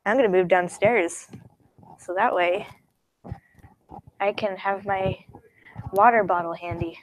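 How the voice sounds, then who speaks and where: A woman's voice: medium pitch, steady tone, measured pace, a little hiss or hum, low-quality recording. Giggly rambling teen girl. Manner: giggly, rambling, slips into silly voices. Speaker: streamer. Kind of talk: casual chat.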